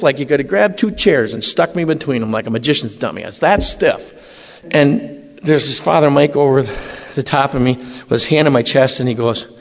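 Animated priest telling his story. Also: medium pitch. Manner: animated, emphatic, acts out dialogue. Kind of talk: personal testimony storytelling. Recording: long hall reverb.

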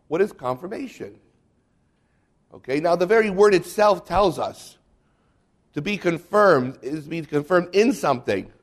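A man, a Catholic priest, teaching about confirmation in a humorous, conversational way and reading aloud from the catechism. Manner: humorous, mimics bishops and kids, drops voice low for asides.

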